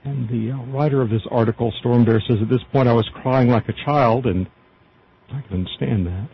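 Male host, mid pitch, husky, chatty news reader with fillers, muffled lo-fi sound. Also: moderate pace. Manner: reads articles aloud with frequent fillers and asides. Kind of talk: casual news commentary. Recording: dull lo-fi audio.

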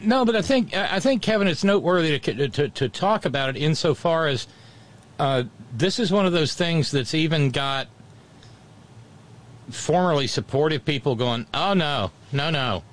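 A man's voice: a little high, expressive, normal speed. A man hosting a talk show, chatting about politics in a wry, digressive way and chuckling at his own jokes.

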